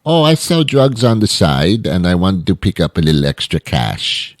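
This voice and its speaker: A man's voice: sing-song, moderate pace, no room sound, clean studio sound. A man voicing a crude, shady ride-share driver, his voice raised above his own. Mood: sleazy casual. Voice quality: put-on foreign accent, higher voice.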